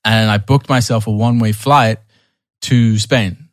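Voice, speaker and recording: A man's voice: fairly low pitch, steady tone, unhurried, no room sound, clean studio sound. A young man telling a long personal story in a casual podcast chat, with many restarts and fillers. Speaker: podcast guest.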